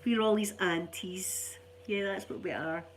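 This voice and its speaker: An older Scottish woman who hosts an ASMR channel chats casually to her viewers in a mid-range, steady voice, speaking a little slowly. She sounds stuffy and unwell with a cold, rambles on, laughs often, and a faint hum sits behind her.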